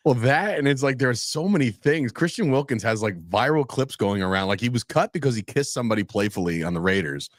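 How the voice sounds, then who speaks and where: A man's voice: medium pitch, animated, fast talker, few pauses, dry recording, studio quality. A man co-hosting a casual podcast, bantering and laughing easily. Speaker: podcast co-host. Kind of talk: casual chat.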